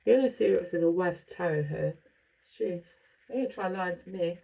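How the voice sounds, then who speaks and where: Gravelly, sweary woman. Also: on the low side, normal speed. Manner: blunt, sweary, jokey. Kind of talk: casual rambling chat. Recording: distant mic, loud background noise.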